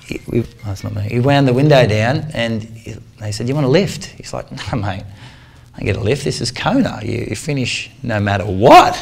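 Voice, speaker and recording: A man in his forties giving a talk to a club, telling a story in a lively, slangy way and acting out what people said. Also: a little high, normal speed, gravelly, a little hiss or hum. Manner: animated, slangy storyteller who acts out the people in his stories. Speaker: guest speaker, triathlete.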